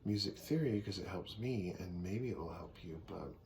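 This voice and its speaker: A man casually teaching songwriting, thinking aloud and sometimes clearing his throat. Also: low-pitched, lively intonation, normal speed, darkish tone. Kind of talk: casual teaching with sung demonstrations. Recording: faint background noise.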